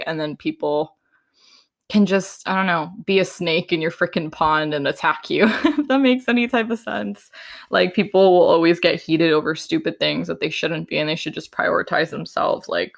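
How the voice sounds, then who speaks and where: Gravelly young woman chatting candidly. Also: low voice, fairly bright tone. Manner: chatty, frank, full of fillers like "like" and "you know"; acts out her own inner voice in quotes. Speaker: podcast host. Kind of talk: casual solo podcast talk.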